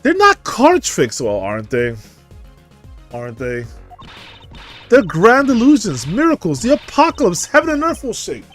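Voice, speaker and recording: A man's voice: sits high, huge pitch swings, moderate pace, long pauses, fairly bright tone, faint music behind, voice pushed up, full character voice. A man voicing a bubbly, showy teenage girl magician from a video game, read in a theatrical, pleading way. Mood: dramatic.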